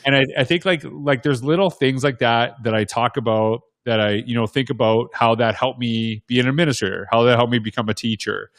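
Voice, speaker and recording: A man's voice: mid-range voice, fairly even intonation, fairly quick, few pauses, a bit bright, no echo, studio quality. A man telling stories as a guest panelist in casual talk, rambling with many restarts and fillers. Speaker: guest panelist, educator and former basketball referee. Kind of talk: casual storytelling on a video panel.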